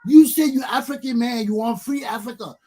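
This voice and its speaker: Talk show host, man from Liberia, husky voice, furious profane rant with rhetorical questions. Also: very high voice, a little fast, a little mellow. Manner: angry, profane, repeating himself, rhetorical questions.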